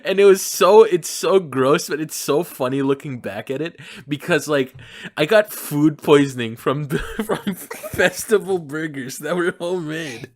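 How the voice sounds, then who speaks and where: A young man chatting on a podcast over a call. He rambles through crude stories, repeats himself, and bursts into loud exclaims. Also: on the high side, a little slow. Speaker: podcast host. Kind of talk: casual podcast chat. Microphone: remote call.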